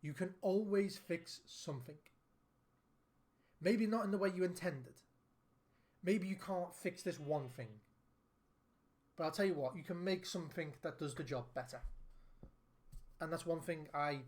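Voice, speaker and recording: A man's voice: on the high side, a little slow, long pauses. A man, a father and gaming video host, speaking earnestly and heartfelt to the camera, repeating his points for emphasis. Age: adult, father of a young son.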